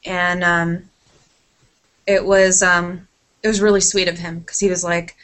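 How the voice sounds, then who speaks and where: A woman's voice: fairly low pitch, level tone, unhurried, fairly bright tone. A woman in casual podcast chat, telling a rambling, sidetracked story with casual swearing and a lot of apologizing.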